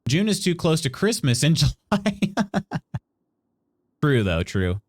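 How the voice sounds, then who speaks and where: A man's voice: on the high side, sing-song, slow pace, no room sound, studio quality. A man streaming a game live, reading tutorial text aloud and adding playful, wry asides to chat.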